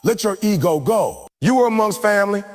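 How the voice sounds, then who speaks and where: In a large hall, a man with a fairly high, animated voice gives a live motivational speech a little fast, preaching and driving call-and-response chants again and again. His forceful, repetitive exhortation echoes with long reverb over faint background music.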